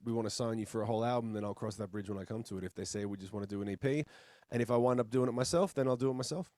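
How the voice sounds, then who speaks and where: Speaking at a racing clip, a man with an Australian accent and a warm, lowish voice chats bluntly and casually as a musician guest on a video call. He's laid-back and talkative, with casual swearing, and the sound is studio quality with no echo.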